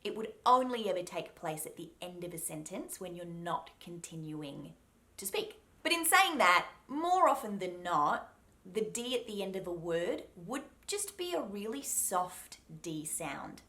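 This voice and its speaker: A woman with an Australian accent teaching a pronunciation lesson, speaking deliberately and repeating each sound to demonstrate it. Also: fairly low pitch, big pitch swings, pushed and bright. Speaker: accent coach.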